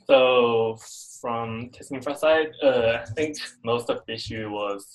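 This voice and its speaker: Slow-talking man giving a casual update. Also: mid-range voice, slight background noise, rough recording. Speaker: meeting participant. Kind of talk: casual online meeting talk.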